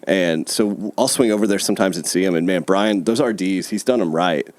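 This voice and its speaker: A man with a fairly low voice tells stories in an easygoing, chatty way, often laughing. He sounds close to the mic in a dry, dead space. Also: brisk, no room sound. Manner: laid-back storyteller, laughs often, says "dude" and "man". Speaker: podcast guest. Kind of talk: casual chat.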